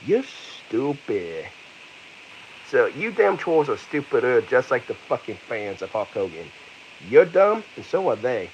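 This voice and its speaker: A man's voice: mid-range voice, dull audio, a little hiss or hum. A man in his thirties from America, ranting heatedly with lots of profanity and repetition in an angry vlog. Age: 30s. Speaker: vlogger.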